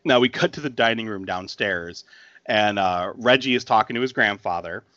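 The recording is echo-free with the highs cut off, capturing a fairly low male voice that sounds pushed and bright at a normal pace. It belongs to a thirtysomething podcast co-host who laughs his way through a casual, scene-by-scene film recap, performing the characters' lines.

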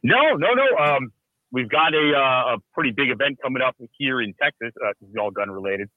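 A man calling in to a talk show, telling stories in a quick, joking, animated way. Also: mid-range voice, no echo. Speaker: guest caller. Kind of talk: casual storytelling. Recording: tinny phone-like line.

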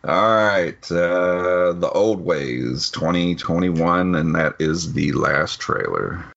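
A man's voice: deep voice, expressive, slow, gravelly, fairly bright tone, a little hiss or hum. A man cohosting a podcast in casual chat, giving short, matter-of-fact remarks. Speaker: podcast co-host. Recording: dull lo-fi sound.

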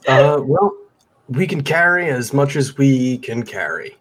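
Guy at a tabletop game, chill and jokey, mid-pitched voice, super casual. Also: animated, a little slow, a bit bright. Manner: easygoing and joking, speaks for his character. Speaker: player.

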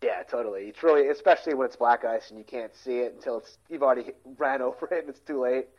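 Man from Philadelphia, rambling casual chat, dull lo-fi sound, mid pitch. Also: fast talker. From Philadelphia area, USA. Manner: rambling, hesitant, full of restarts.

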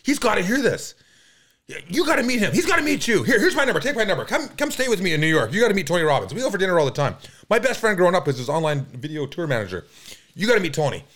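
A man voicing an excited stocky man at a club, who talks in rapid, insistent bursts. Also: sits high, voice pushed up, heavily acted.

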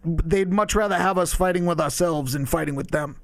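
A man from Long Island, a podcast guest telling crude stories in a blunt, deadpan, unfiltered way. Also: a little high, a little fast, creaky, dry recording. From Long Island, New York. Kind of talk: casual crude storytelling.

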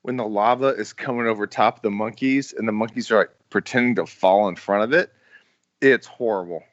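Low teasing man, dull dry audio. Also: fairly quick, no echo. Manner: teasing, playfully interrogating. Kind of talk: casual movie-review chat.

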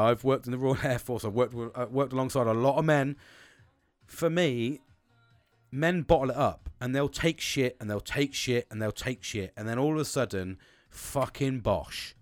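A man's voice: medium pitch, dry recording. A man speaking bluntly and swearing often in a frank, casual monologue about communication.

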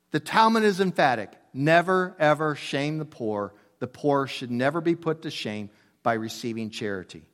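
A man in his sixties preaching a sermon as a pastor, telling stories in an animated, emphatic way with casual asides. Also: fairly high pitch.

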